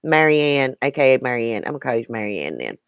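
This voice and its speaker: A woman's voice: very deep voice, big pitch swings, brisk, no echo, clean studio sound. A woman with a Southern American accent hosting a casual live stream, chatting and answering viewer comments by name.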